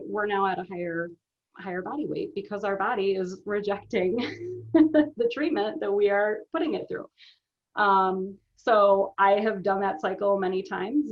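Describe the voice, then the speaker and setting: A middle-aged woman with a medium-pitched voice, an author and business owner, speaks as an interview guest on a muffled recording. She's earnest and conversational, often checking in with "right?" and dropping filler ums.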